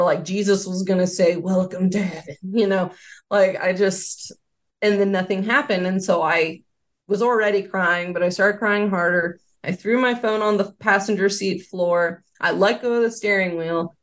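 In an even, medium-pitched voice at a normal pace, the woman, formerly in quality control, gives casual interview testimony on a podcast. She relates a personal story earnestly, using many fillers.

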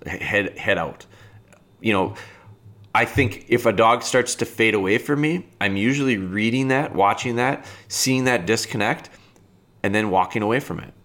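Male dog trainer, lower voice, casual spoken advice, plain-spoken delivery. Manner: plain-spoken, restarts, bursts into high excited puppy calls.

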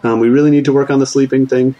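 A man at a tabletop game who talks his way through every situation, chatty and wheedling, dotting his talk with "uh" and "um" and quick laughs. His voice stays in a middle pitch. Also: flat delivery, mellow, highs cut off. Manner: wheedling and chatty, often laughing, with frequent fillers. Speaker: player. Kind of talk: casual tabletop game play.

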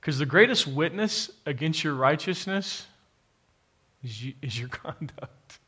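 A male preacher delivering a sermon to a church congregation. His voice sits a little higher than most men's, and he presses his points with emphatic repetition, turning to address the room directly. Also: lively intonation, measured pace, bright, forceful tone, husky. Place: church, to a live congregation with an online audience.

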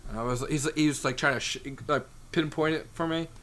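A man's voice: on the high side, brisk, a bit bright. A young man chatting casually, rambling through a story with lots of filler words. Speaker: friend telling a story. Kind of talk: casual chat.

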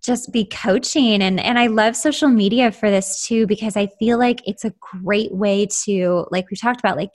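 Chatty woman telling animated stories. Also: medium pitch. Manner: animated storytelling with quoted inner voices. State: slightly rough voice today. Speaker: guest, writer and life coach. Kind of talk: casual podcast interview.

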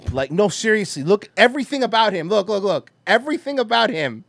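A man's voice: sits high, big pitch swings, a little fast, gravelly, a bit bright, dry recording. A man co-hosting a podcast, joking in profane, teasing banter. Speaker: podcast co-host. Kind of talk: casual comedic banter.

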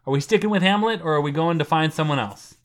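A man's voice: on the high side, fast. Man with dry, wry delivery. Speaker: co-host reading an adventure book aloud. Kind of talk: casual comedic chat and narration.

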